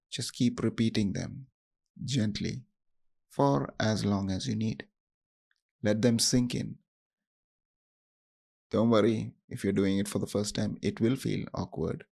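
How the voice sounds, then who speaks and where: In a fairly low, creaky voice, a man hosting a podcast walks listeners through a self-compassion exercise. He goes slowly and gently, instructing them and leaving pauses.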